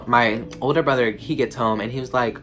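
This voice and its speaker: A man's voice: mid-range voice, steady tone, brisk, sharp tone. Teen guy rambling over background music. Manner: rambling, filler-heavy, lots of "like". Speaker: vlogger. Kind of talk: casual storytime monologue. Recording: clear music playing under the voice.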